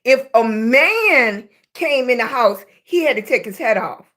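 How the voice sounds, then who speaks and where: Chatting live with viewers through a phone or webcam mic, this livestream host from the Southern United States has a high, bright voice and an animated, slow delivery. Every newcomer gets a greeting by name and a "baby."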